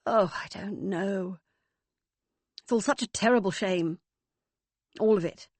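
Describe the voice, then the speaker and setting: A woman's voice: mid-range voice, slow pace, no room sound. A woman reading an audiobook voices a self-absorbed mother near sixty with a breezy, sing-song manner. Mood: airy. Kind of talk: audiobook character voice.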